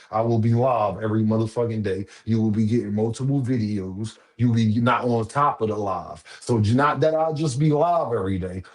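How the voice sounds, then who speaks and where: A man's voice: on the low side, a little mellow. A man hosting a casual boxing live stream, talking straight to his viewers in a preachy, repetitive, profane way.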